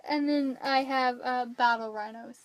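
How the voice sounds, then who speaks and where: A woman co-hosting a casual movie review chat, excitable and jokey, acting out moments from her notes. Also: high-pitched, measured pace.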